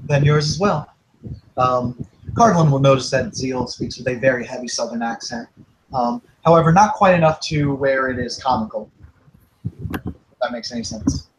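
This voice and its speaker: A man's voice: medium pitch, normal speed, background noise. A man playing a tabletop role-playing game, casually describing his character. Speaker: player.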